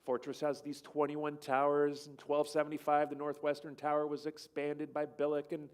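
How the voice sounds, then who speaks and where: A man's voice: on the high side, monotone, normal speed, clear, resonant tone. A man at a church, casually telling a travel story over slides in a rambling way and acting out what people said. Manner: rambling, acts out quoted dialogue. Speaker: church speaker.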